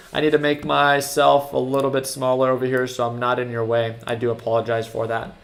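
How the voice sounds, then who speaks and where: A man's voice: mid-range voice, monotone, moderate pace. A young man hosting a live trading stream, chatting casually and hyping up his viewers. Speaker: trading livestream host. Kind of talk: casual livestream commentary.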